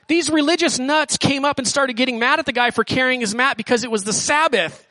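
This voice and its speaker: Bright-voiced young-sounding male preacher. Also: very high voice, lively intonation, brisk, few pauses, no echo. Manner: casual, slangy preaching with acted-out voices. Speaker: student pastor. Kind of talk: sermon.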